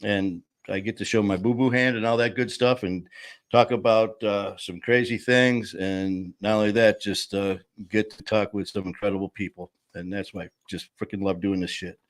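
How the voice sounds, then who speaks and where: A man's voice: on the low side, steady tone, moderate pace. Rambling, joking man hosting a live show. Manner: rambling, joking, restarts and laughs. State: a little loopy after anesthesia. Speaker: host. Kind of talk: casual live-stream chat. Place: small home studio. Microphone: table-mounted studio mic.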